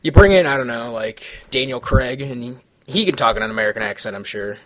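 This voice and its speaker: A man hosts a casual podcast chat, rambling from tangent to tangent. He swears freely in a loose, offhand way. His voice sits at an ordinary pitch for a man. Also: fast talker, crowd noise. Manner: rambling, profane, jumps between tangents. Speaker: podcast host.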